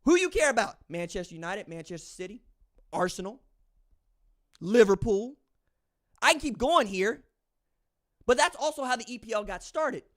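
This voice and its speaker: Apresentador de podcast esportivo, voz alta e aguda, falando em tom de deboche e incredulidade. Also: male voice, high-pitched, animated, moderate pace, long pauses, fairly bright tone. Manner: incredulous, mocking rant. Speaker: podcast host. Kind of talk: opinionated sports commentary.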